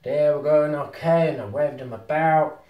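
A man, vlogging casually as he sets up VR at home and talks to himself excitedly. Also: on the high side, normal speed, far from the mic, dull audio. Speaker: tech vlogger. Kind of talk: casual vlog commentary while setting up VR. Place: house with rooms on two floors. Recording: roomy home room, voice often off-mic.

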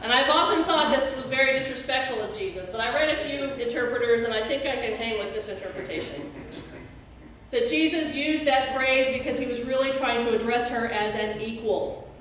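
A woman pastor delivers an earnest sermon, her somewhat high voice pressing hard on the key words. She sounds distant from the mic, and heavy echo from the church hall fills the recording under a faint hiss. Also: fairly quick, a bit bright. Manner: earnest, emphatic preaching with rising emphasis. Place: church sanctuary. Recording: very echoey church hall, speaker far from mic.

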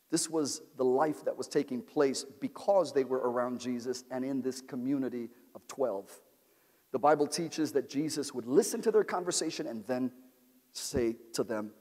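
A man preaching a sermon as pastor, with repetitive call-and-response phrasing that builds to shouts. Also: mid-range voice, animated, moderate pace. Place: large church sanctuary. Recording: long church-hall reverb.

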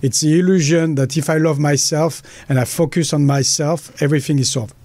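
Emphatic French-accented man, higher voice. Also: steady tone, fairly quick, a little mellow, no room sound. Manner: emphatic, blunt, acts out quoted voices. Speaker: guest. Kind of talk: passionate conversation.

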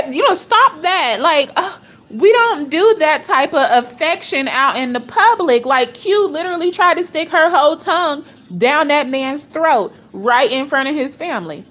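A woman's voice: high voice, animated, normal speed, a bit bright. Blunt gossipy woman. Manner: blunt, profane, gossipy, laughs often. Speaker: reaction vlogger. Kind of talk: casual reaction commentary.

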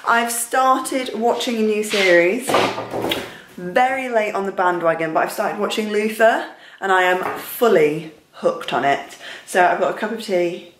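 Young woman, casual vlog delivery, chatty and upbeat, mid pitch, light background hiss. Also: measured pace. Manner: chatty, upbeat, breathless after riding. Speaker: cycling vlogger. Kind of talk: casual vlog chat to camera.

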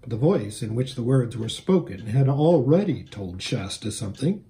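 Lively, expressive man reading a story. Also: mid-range voice, moderate pace. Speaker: pastor reading aloud. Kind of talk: reading a children's novel aloud.

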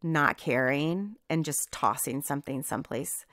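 A woman's voice: sits low, normal speed, a bit bright, no room sound, studio quality. A woman in her thirties, a podcast co-host, talking casually about parenting and acting out what she tells her kids.

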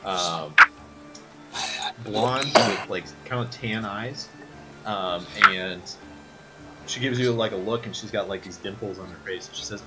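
A man with a fairly low voice narrating a tabletop game as game master. He talks casually, padding with fillers, and clear music plays under his voice. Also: unhurried, pauses often. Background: background music.

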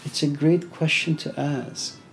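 A man's voice: on the high side, steady tone, measured pace, gravelly, soft background music. A man giving an informal philosophy lecture, talking conversationally with many "you know"s and story asides.

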